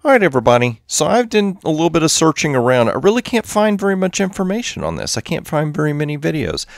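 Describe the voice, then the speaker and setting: Sing-song and a little high, the man talks fast, captured at studio quality with no room sound. He's a gameplay channel host playing a modded game at home beside his cat, chatting loosely, reasoning aloud, and counting items under his breath.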